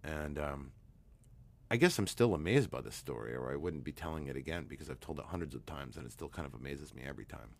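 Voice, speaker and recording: A man, a hypnotherapist guest, telling a long anecdote in a relaxed, rambling way with many fillers. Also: extremely low pitch, fast talker, creaky. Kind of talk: storytelling interview talk.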